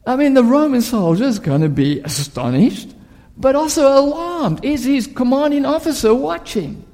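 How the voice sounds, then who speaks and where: A man's voice: very high-pitched, animated, moderate pace, mellow. A male preacher giving a sermon, telling stories vividly and asking rhetorical questions. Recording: long hall reverb.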